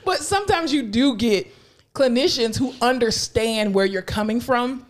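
Female co-host, higher register, animated raconteur who acts out quotes and curses casually. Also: normal speed. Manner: animated storyteller, swears freely, acts out quotes with big pitch jumps. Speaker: podcast co-host; hospital clinician telling work stories. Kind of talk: casual chat.

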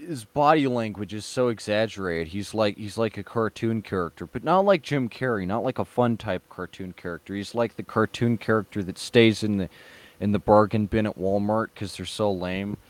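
A man's voice: fairly low pitch, moderate pace, no room sound. A man hosting an online show, giving casual and sarcastic reaction commentary in a mocking tone. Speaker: online video host.

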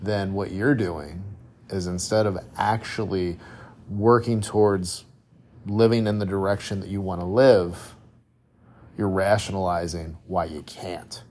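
Low-voiced man hosting a motivational podcast. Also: steady tone, measured pace, a little mellow. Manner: reflective, conversational, with frequent restarts and rhetorical questions. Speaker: podcast host. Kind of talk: solo motivational podcast monologue.

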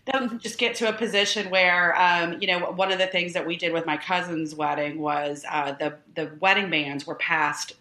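A friendly, giggly woman from New Orleans talks as a podcast guest. Her lower voice has a bright, sharp edge, and her words ring in an echoey room. She fills her speech with ums. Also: steady tone, moderate pace, few pauses. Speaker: wedding and event planner, guest. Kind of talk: casual interview chat.

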